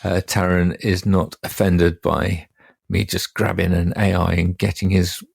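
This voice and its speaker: Gravelly low-voiced male podcast host. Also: little pitch movement, measured pace, darkish tone, no room sound, studio quality. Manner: rambling, hesitant with fillers. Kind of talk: casual podcast chat.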